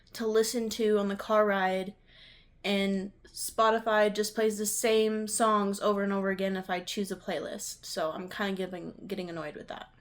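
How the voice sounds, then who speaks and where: Young woman, casual book-vlog host, rambling, full of fillers, recorded at home on a phone. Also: mid-range voice. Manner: rambling, filler-heavy, chatty. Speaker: book vlogger. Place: at home by her bookshelf.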